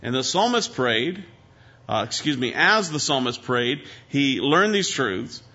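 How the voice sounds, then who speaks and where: A man preaches with a bright, forceful voice. He swings between loud emphasis and hushed asides. The sound is dull and lo-fi. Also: mid-range voice, very animated, measured pace. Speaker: pastor. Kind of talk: sermon. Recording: dull lo-fi recording.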